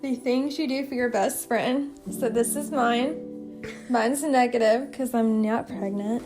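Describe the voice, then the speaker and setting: A woman's voice: a little high, steady tone, measured pace, over music. A young woman recording a casual, heartfelt video message to her pregnant best friend and the unborn baby. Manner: warm and encouraging, speaking to an unborn baby.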